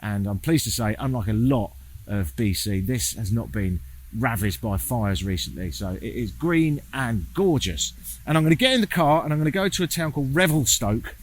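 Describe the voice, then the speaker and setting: A man's voice: medium pitch, expressive, moderate pace, a little hiss or hum. A man making a casual travel vlog while walking outdoors, sardonic and self-mocking, swearing freely. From England. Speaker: travel vlogger. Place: outdoors, walking through a town.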